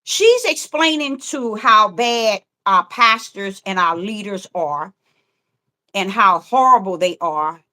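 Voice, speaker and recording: A woman's voice: medium pitch, lively intonation, slow pace, bright, forceful tone. A middle-aged woman, preaching fervently online with rhythmic, repetitive emphasis. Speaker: self-styled prophetess preaching online. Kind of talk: impassioned preaching.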